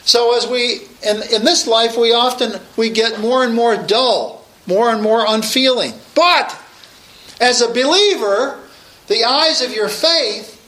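A man's voice: very high-pitched, unhurried, sharp tone, roomy sound, low-quality recording. A man preaching a sermon, emphatic and raising his voice to proclaim his points.

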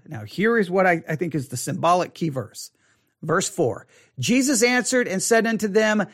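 A man teaching a Bible study, reading scripture aloud and then explaining it with emphatic repetition, slowing down to stress his points. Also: high voice, expressive, a bit bright. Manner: emphatic, repeats key words, slows down to stress points.

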